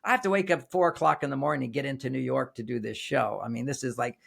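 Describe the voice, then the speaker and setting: Older man mimicking a boastful glamorous woman panelist, chatty and gushing, gravelly. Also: medium pitch, quick pace, a bit bright. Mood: complaining. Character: glamorous female talk-show panelist, boastful.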